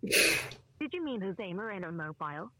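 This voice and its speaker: A woman's voice: mid-range voice, very animated, unhurried, bright, forceful tone. Irish-accented synthetic female voice assistant. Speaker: phone voice assistant. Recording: muffled phone speaker audio.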